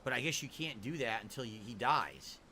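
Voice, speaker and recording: Over a very noisy background, a man plays a video game on stream, musing and posing questions aloud to himself. His medium-pitched voice is expressive and a little fast, typical of let's-play commentary.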